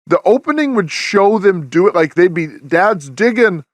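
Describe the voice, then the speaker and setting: Podcast host, male, fairly high voice, loose rambling delivery, dry close mic. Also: very animated, normal speed, dry recording. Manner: rambling, many restarts and fillers. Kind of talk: casual review chat.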